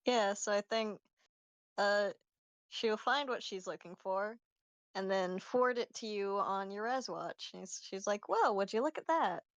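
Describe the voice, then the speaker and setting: A woman narrating her character casually in a roleplay session, relaxed and filler-heavy. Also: mid-range voice, unhurried, clean tone, dry recording. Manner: relaxed, uses many fillers. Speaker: tabletop roleplay player.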